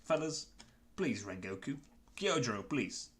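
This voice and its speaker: A man's voice: mid-range voice, expressive, measured pace, a bit bright. A man voicing a weary, pleading male goblin leader with a Cockney accent in the manner of a well-known British actor. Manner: Michael Caine-style delivery.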